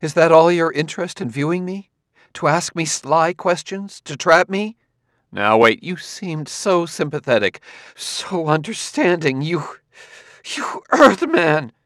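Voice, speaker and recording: A male audiobook reader voicing a distraught, fiery young woman in a high, indignant voice. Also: sing-song, measured pace, no room sound, studio quality. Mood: furious. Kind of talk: audiobook character voice.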